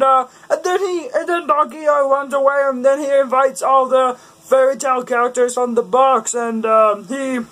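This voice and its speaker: A man's voice: very high voice, fairly bright tone, low-quality recording. A guy doing a rambling goofy man. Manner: rambling, halting retelling full of fillers. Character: goofy dim-witted adult man, regular customer.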